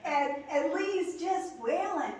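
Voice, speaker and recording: A woman's voice: very high-pitched, animated, slow pace, a little mellow. A woman in her sixties telling a personal story to a gathering, chatty and laughing as she talks. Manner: chatty, laughs through the story, many "you know"s. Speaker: speaker at a memorial gathering. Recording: echoey hall, mic from far off.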